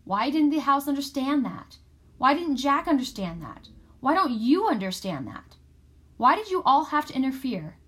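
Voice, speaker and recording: A woman voicing an angry, desperate young girl who speaks in a raised, forceful voice in an audiobook. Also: high voice, very animated, normal speed, voice pushed up. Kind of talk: audiobook character voice.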